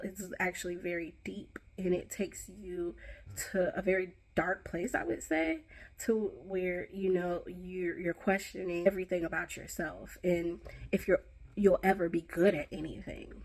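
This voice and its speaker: A woman's voice: on the low side, a little slow, a little mellow. Young woman vlogging, earnest and emphatic, lots of "you know". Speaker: vlogger, journalism graduate student. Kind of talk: personal reflective vlog.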